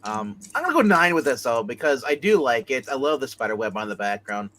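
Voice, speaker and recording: A man's voice: mid-range voice, sing-song, fairly quick, fairly bright tone, slight background noise. A man co-hosting a casual livestream, rating comic covers and reading chat comments, laughing often.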